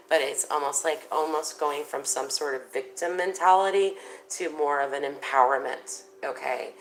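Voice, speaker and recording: A woman's voice: low voice, a little hiss or hum, rough recording. A woman doing a casual tarot reading, chatty and thinking aloud with plenty of fillers. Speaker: tarot reader.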